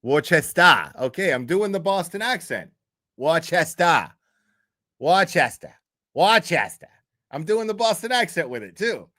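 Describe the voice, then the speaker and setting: A man's voice: sits high, normal speed, hardly any pauses, dry recording, studio quality. A man hosting a live call-in stream, reacting loosely and swearing as he answers his chat. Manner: animated, swearing, repeating words for chat. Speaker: livestream host. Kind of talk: casual reaction commentary.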